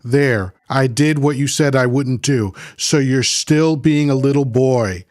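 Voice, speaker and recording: A man's voice: medium pitch, unhurried, a little mellow, no echo, clean studio sound. A man hosting a livestream, reading chat comments aloud and arguing with them in a combative, mocking way, often repeating himself. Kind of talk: heated political rant.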